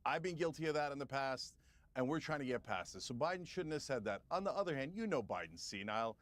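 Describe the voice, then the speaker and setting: A man's voice: mid-range voice, lively intonation, fast, no room sound. A man speaking as a political commentator guest in a heated televised debate, combative and scoffing, talking over the others.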